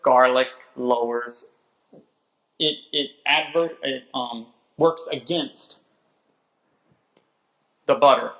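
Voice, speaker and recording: A man co-hosting a health talk, adding examples in a halting way with pauses. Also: mid-range voice, creaky, fairly bright tone, low-quality recording.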